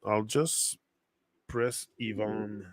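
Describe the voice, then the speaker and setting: A man's voice: fairly low pitch, fairly even intonation, very slow, dry recording. A man whose first language is French, speaking English with a French accent, talking loosely and rambling on a casual motivational livestream full of fillers and restarts. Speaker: livestream host.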